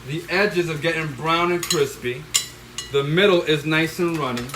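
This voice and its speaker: A middle-aged man, a chef, hosts a live cooking demonstration in his home kitchen, coaching viewers with repeated "all right?" and bursting into loud whoops. He talks into a handheld phone. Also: on the high side, normal speed. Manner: coaching, tags lines with "all right?" and "okay?". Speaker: chef hosting a cooking stream. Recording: kitchen noise with frying sizzle.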